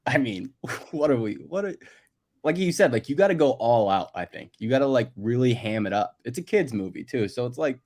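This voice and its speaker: A man co-hosting a movie podcast in casual chat, talkative and quick to laugh. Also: mid-range voice, expressive, darkish tone. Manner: chatty, laughs easily, many "like" fillers. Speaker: podcast co-host.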